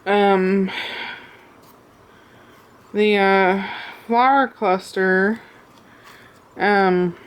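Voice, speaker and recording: A woman showing off a craft piece she made, talking out of breath, with many pauses and ums, recorded on a camera on a tripod at home. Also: medium pitch, fairly even intonation, smooth. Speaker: crafter showing her work. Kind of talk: casual show-and-tell.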